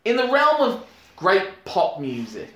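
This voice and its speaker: A man's voice: high voice, huge pitch swings, measured pace, fairly bright tone. A man co-hosting a podcast, chatting casually about a film, rambling with lots of restarts and laughs. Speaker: podcast co-host. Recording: echoey room.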